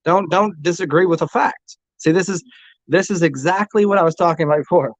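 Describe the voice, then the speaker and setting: Man, livestream host, argumentative, stammering, slightly high voice, dry room. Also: a little fast, no echo. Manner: argumentative, repeats himself, stammers. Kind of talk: combative livestream chat. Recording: dull, lo-fi dry home recording.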